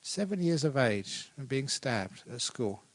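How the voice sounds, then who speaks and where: A man, a Buddhist monk, giving a dharma talk with animated, conversational storytelling and acted-out quotes. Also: medium pitch, measured pace.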